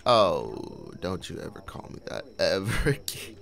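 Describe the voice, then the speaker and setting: A man's voice: deep voice, very animated, measured pace, creaky, a bit bright, faint music behind. A young man hosting his gaming channel, giving loose, profane, joking commentary as he plays and breaking into bits of freestyle rap.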